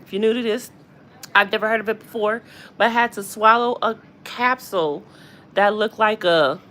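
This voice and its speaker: A woman's voice: mid-range voice, moderate pace. Chatty woman livestreaming from a hospital room. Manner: chatty and animated, often addressing viewers as y'all. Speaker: gossip channel host. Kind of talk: casual chat livestream.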